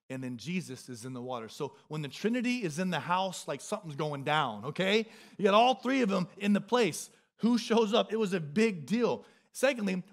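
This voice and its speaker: A young adult male pastor preaching a sermon, emphatic and repetitive, with casual joking asides to the congregation. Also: a little high. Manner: animated, emphatic preaching with repeated phrases.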